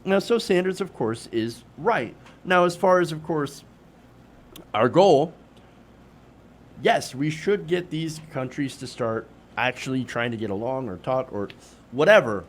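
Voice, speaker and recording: Animated sarcastic man commentating. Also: medium pitch, unhurried. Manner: sarcastic, animated, mocking asides. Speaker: political commentary host. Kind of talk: opinionated political commentary.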